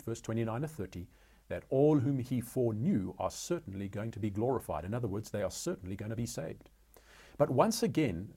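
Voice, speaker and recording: A man leads a Bible study and works slowly through the text, asking questions and pointing out words to underline. His voice is dark and mellow with a husky edge. He sits at an ordinary middle pitch. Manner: methodical, asks rhetorical questions, tells listeners to underline words.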